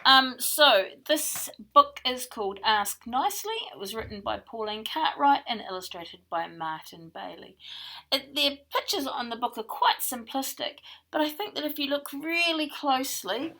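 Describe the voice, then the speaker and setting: A woman teacher reading a picture book to young children in an expressive storytelling manner. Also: high-pitched, normal speed.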